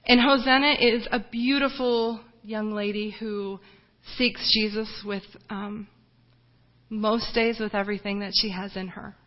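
A woman giving a lively personal ministry report to her home church, telling stories with many restarts and fillers. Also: medium pitch, unhurried, big-room sound, muffled recording.

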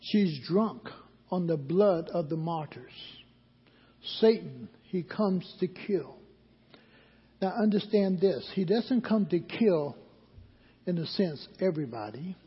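A male preacher with a high, husky voice takes his sermon slowly and expressively, leaving long pauses. He uses call-and-response, questioning the congregation and answering himself, and the dull recording has long hall reverb.

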